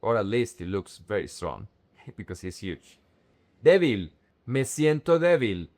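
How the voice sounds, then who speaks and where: A young man teaching vocabulary, saying words slowly and carefully and repeating them in drills. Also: on the low side, big pitch swings, darkish tone. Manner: slow, careful word-by-word drilling. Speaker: Spanish teacher. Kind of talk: vocabulary lesson to camera.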